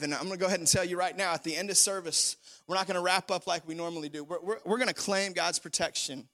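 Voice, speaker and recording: A man preaching a sermon as pastor, animated and full of repeated phrases. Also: high voice.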